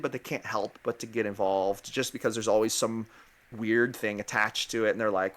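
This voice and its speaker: A man's voice: on the low side, steady tone, fairly quick. A man talking casually as a guest game master, thoughtful and rambling, with frequent restarts. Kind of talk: casual interview answers.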